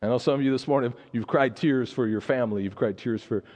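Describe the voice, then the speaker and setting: A man's voice: mid-range voice, quick pace, darkish tone, in a large hall. A male pastor preaching a sermon in earnest, often repeating words as he builds his point. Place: church sanctuary.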